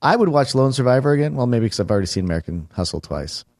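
A man's voice: mid-range voice, very animated, racing, creaky, darkish tone. A man in casual chat about films who laughs easily and pushes back on his friend's opinions. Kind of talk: casual movie review chat.

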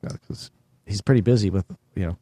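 A man's voice: fairly low pitch, fast talker, mellow, dry recording, clean studio sound. A man in casual podcast chat, telling long stories with many fillers and restarts.

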